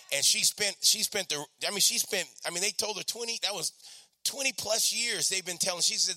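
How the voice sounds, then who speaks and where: A man preaching a sermon, exhorting with emphatic repetition and dropping to soft storytelling. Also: sits high, brisk.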